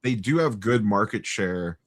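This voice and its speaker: A man's voice: fairly low pitch, lively intonation, a little slow. A man on a casual livestream panel, laying out market reasoning in an analytical way. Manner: analytical, lays out market numbers.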